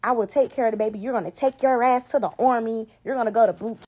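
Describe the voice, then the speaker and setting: A woman's voice: on the high side, fast, darkish tone, close to an everyday voice. Woman voicing a lecturing South Florida dad, stern and bossy, on muffled lo-fi audio. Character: stern middle-aged father laying down plans.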